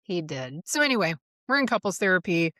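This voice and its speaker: A woman's voice: lowish voice, very animated, a little fast, bright, forceful tone, no room sound, studio quality. A woman in her forties hosting a solo podcast, telling her story candidly and with profanity, laughing often and flaring into heated outbursts. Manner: laughs often while speaking. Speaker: podcast host. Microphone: studio mic.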